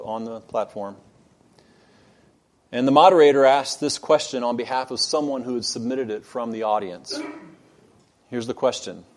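A man preaching in a mid-range voice, earnest and deliberate. He leans into key phrases with rising force and lets other lines drop low and quiet. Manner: earnest preaching that builds to loud emphatic outbursts. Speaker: pastor. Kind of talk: sermon.

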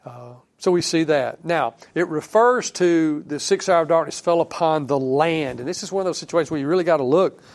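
A male preacher giving a sermon in a conversational way, thinking aloud with fillers and restarts and quoting scripture in a softer voice. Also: fairly high pitch, fairly quick, hardly any pauses. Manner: quotes scripture in a softer, dropping voice.

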